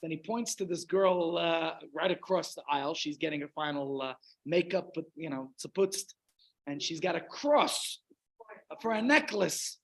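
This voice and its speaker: Chatty rabbi with a Russian accent. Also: male voice, a little high, expressive, a little slow, fairly bright tone, rough recording. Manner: chatty, self-interrupting, humorous. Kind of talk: anecdotal storytelling talk.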